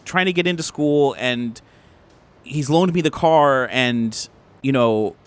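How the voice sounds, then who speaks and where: Actor as a timid young boyfriend, halting speech, anxious and apologetic. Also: male voice, mid-range voice, clean tone, lightly acted. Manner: hesitant, stammering. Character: nervous young man afraid of his father.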